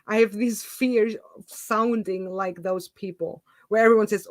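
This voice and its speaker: A woman's voice: mid-range voice, measured pace, slight background noise. A woman from Germany with a German accent, hosting a casual video call chat and telling stories with lots of laughter. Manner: animated storyteller, laughs often. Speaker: YouTuber host.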